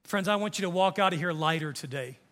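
A pastor around fifty preaching a sermon in a church sanctuary, impassioned, swinging from hushed to shouting and acting out the voices of others. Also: male voice, high voice, fast, big-room sound. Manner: acts out quoted voices of others.

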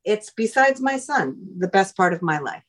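A middle-aged woman hosting a podcast, chatting casually in an animated, easy-laughing way. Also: mid-range voice, moderate pace. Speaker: podcast host. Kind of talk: casual chat.

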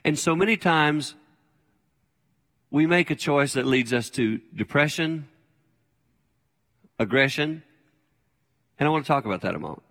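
A man's voice: fairly high pitch, expressive, a little slow, pauses often, fairly bright tone. An older man preaching a sermon as a pastor, conversational and plain-spoken, repeating his key phrases. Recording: long hall reverb.

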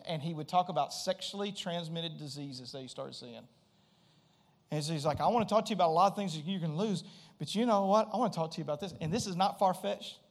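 A middle-aged man with a drawl delivers a sermon from the pulpit. His voice sits high for a man, and he tells stories with animation, slipping into the voices of the people he quotes and calling out to the congregation. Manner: animated storytelling, acts out quotes, addresses congregation directly. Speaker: pastor.

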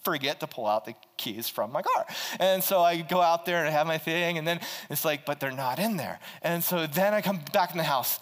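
A man preaching a sermon as a pastor, telling a personal story in an animated way, with frequent restarts and stammers. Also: on the high side, long reverb tail. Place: church.

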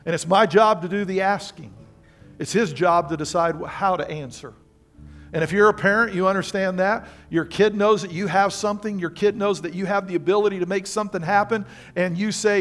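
An older man preaching a sermon as pastor, lively and conversational, calling on the congregation to respond. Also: sits high, brisk. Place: church sanctuary.

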